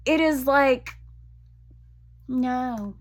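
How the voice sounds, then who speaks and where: Slow-talking woman venting frankly. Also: high-pitched. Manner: frank and profane, venting with halting restarts. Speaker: vlogger. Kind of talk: personal confessional vlog.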